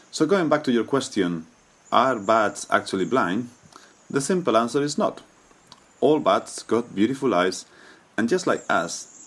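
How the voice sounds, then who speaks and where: Patient man curator explaining gently. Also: lowish voice. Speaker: museum curator of mammals. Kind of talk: explaining to a child.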